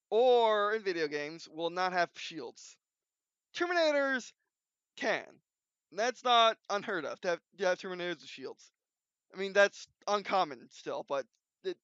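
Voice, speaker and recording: In this dull lo-fi clip, the video host riffs casually without a script, rambling and stumbling through restarts and fillers. His high voice is fairly bright and smooth, with no room sound.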